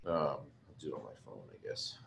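A man's voice: very deep voice, lively intonation, brisk, vocal fry, a bit bright, a little hiss or hum. A man teaching a chemistry lesson in a casual, chatty way, thinking aloud and apologizing as he writes. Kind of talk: casual recorded lecture.

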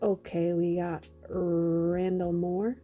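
Sex: woman. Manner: teasing, lowish husky voice. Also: flat delivery, slow pace, mellow, faint music behind. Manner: teasing, reads card names out. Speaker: co-host, host's wife. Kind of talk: casual pack-opening chat.

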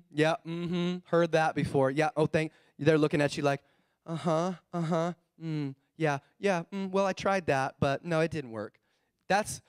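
High-voiced animated male pastor. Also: no echo, studio quality. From California. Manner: animated, acts out quoted voices. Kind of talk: sermon.

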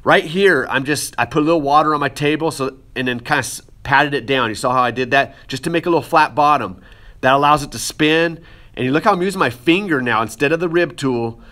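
A man's voice: a little high, brisk, bright, forceful tone. Man talking through a pottery demo. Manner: talks the viewer through each step, playful asides. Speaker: art teacher. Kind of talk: casual pottery demonstration.

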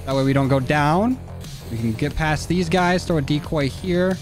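A young man giving casual, profane commentary while playing a game, talking to the characters on screen and yelling when things go wrong. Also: a little high, normal speed, soft background music. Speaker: gaming YouTuber. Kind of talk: live gameplay commentary. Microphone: studio dynamic mic.

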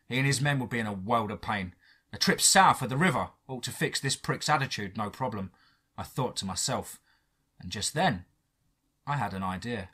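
A man narrating a first-person horror story in a dramatic, measured way. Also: medium pitch, expressive, pushed and bright, husky.

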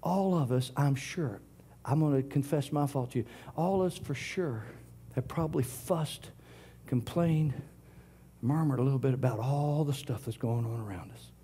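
A middle-aged man preaching a sermon, swinging from loud declarations to hushed whispers. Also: medium pitch, normal speed, a little hiss or hum. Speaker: pastor.

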